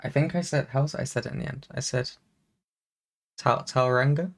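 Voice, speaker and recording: A man chatting loosely on a home podcast mic, pitched at an ordinary middle height for a man. He rambles, trails off and restarts his sentences often, peppering them with ums and likes. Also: fairly even intonation, very fast, vocal fry, a little mellow, slightly rough. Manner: rambling, many fillers and restarts. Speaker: podcast co-host. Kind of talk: casual chat.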